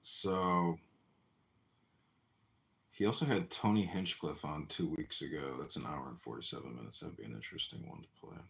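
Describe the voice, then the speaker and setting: A man's voice: very deep voice, moderate pace, creaky, a bit bright. A man hosting a livestream, making offhand remarks between clips. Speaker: livestream host. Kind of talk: commentary.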